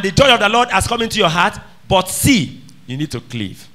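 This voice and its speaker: A man's voice: high voice, very animated, normal speed, a bit bright. A man preaching a sermon, emphatic and questioning his listeners directly. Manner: emphatic, calls out questions to the congregation.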